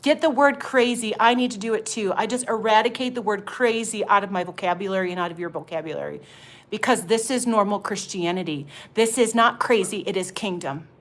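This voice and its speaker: A middle-aged woman minister telling a lively faith testimony and prophesying over listeners, calling them honey. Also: mid-range voice, fairly quick. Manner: animated storytelling, exclamatory, addresses listeners as honey.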